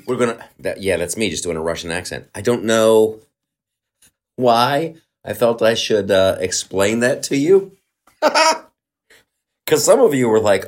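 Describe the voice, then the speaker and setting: A man's voice: fairly low pitch, sing-song, measured pace. A man hosting a comedy podcast in a rambling, joking monologue full of asides. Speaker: podcast host. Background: faint guitar.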